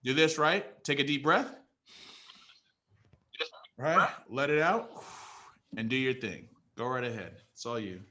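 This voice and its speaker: A man's voice: medium pitch, animated, unhurried, pauses often, bright, forceful tone. A man hosting a student poetry event, emotional and encouraging as he speaks to the performers. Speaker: host.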